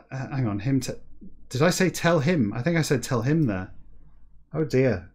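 A man of ordinary middle pitch reads a jumbled book aloud for a comedy podcast, slow and careful. He breaks off with dry, self-mocking remarks in a plain, chatty tone. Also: animated, a little mellow, husky. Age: adult with children. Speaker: podcast host reading a novel aloud. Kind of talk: comic reading aloud with chatty asides.

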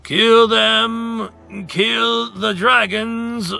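A man voicing a fierce, commanding High King. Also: flat delivery, vocal fry, pushed and bright, soft background music, full character voice. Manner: slow, commanding, raised voice. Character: harsh demanding male High King.

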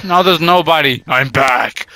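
A young man playing a video game with friends, trash-talking and yelling at his teammates. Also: a little high, a little slow. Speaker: gamer. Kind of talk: casual gaming banter.

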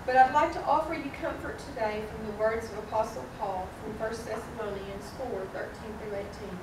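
A woman's voice: on the high side, brisk. A woman pastor, giving a tender, openly emotional funeral eulogy. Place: funeral service hall. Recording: echoey room from a distant mic with hiss.

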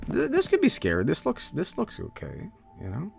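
Lively male streamer with squeaky outbursts. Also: creaky, faint music behind. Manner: animated, jumps into goofy high squeals; reads game blurbs aloud quickly. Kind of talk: casual live-stream commentary.

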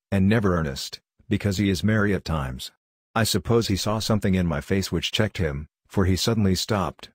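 Male audiobook narrator, very low voice, dry close sound, steady gentle read. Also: no echo. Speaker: audiobook reader.

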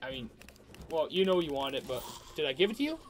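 Lively let's play host, excitable, chatty with enemies, pitch swinging wide over low game music. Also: fast talker. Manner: excitable, talks to enemies, frequent outbursts. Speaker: gamer commentating own playthrough.

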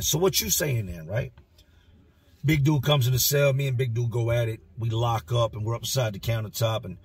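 A man's voice: mid-range voice, creaky, husky, no echo. A man telling a story from his own past in a blunt, slangy, profane way. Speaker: vlogger.

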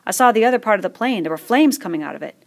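A woman's voice: medium pitch, lively intonation, very fast. A woman voicing an anxious, plump boy with asthma, asking eager, worried questions.

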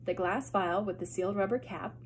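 A woman's voice: mid-range voice, brisk, a little hiss or hum. Woman teacher reading a story aloud. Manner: expressive, asides to listeners. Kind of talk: reading a chapter book aloud.

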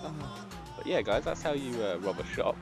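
A young man giving casual gameplay commentary, excitable and bossy when he directs his friend, and laughing often. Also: mid-range voice, brisk, gravelly, music in the background. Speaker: gaming channel host.

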